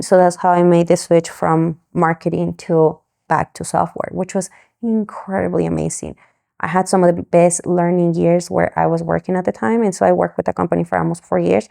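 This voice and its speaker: A woman's voice: fairly low pitch, fairly quick, gravelly. A middle-aged woman from Mexico, a podcast guest telling a story and acting out the lines of others. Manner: animated, acts out quoted dialogue. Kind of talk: storytelling interview.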